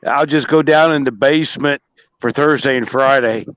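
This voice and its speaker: A man's voice: mid-range voice, normal speed, fairly bright tone, clean tone, no room sound, dull audio. A laid-back man calling in to a casual talk show, drawling as he chats. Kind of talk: casual chat.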